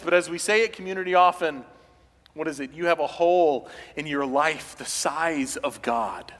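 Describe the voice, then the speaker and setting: A man preaching a sermon as pastor, building to loud, impassioned passages as he voices pleading figures. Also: on the high side, moderate pace, big-room sound. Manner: preaching with rising intensity, voicing quoted pleas loudly.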